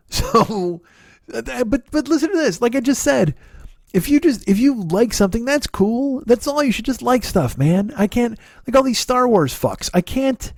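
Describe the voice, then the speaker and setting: A man's voice: very high voice, lively intonation, unhurried, a little mellow, no room sound, studio quality. A man in his forties doing a profane, ranting comedy podcast monologue, full of laughs and restarts. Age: 40s. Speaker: podcast host.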